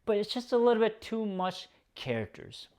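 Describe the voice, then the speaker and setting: A man's voice: sits high, big pitch swings, normal speed, a little mellow. A man giving a casual spoken movie review, rambling with lots of "like" and "um" fillers and casual swearing. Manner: loose and rambling, full of "like" and "um", swears freely.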